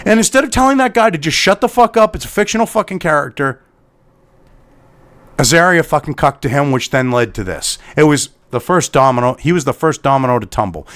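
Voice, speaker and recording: Angry, swearing man with a lively voice. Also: on the high side, brisk. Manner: heated, sarcastic, heavy swearing. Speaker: online commentator. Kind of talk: angry profane rant.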